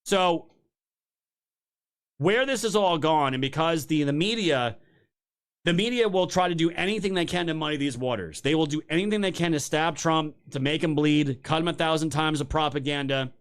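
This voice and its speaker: A man's voice: on the high side, normal speed, clear, resonant tone. Fired-up man ranting on his show. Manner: heated, profane, sarcastic ranting; talks straight to viewers as "you guys". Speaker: political commentary show host. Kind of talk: live-streamed political rant.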